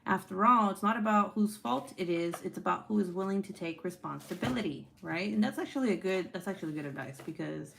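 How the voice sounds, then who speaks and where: A young mother vlogging from home in a casual, blunt way, swearing freely and laughing at her own stories. Her voice sits at an ordinary middle pitch, with a faint hiss behind it. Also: fairly quick, vocal fry, hardly any pauses, fairly bright tone. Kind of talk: casual talking-to-camera vlog. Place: at home, with children nearby.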